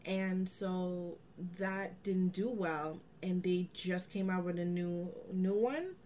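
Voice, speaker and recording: Chatty female podcast co-host, lowish voice. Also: slow pace, a little hiss or hum. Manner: chatty, animated, laughs easily. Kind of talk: casual chat.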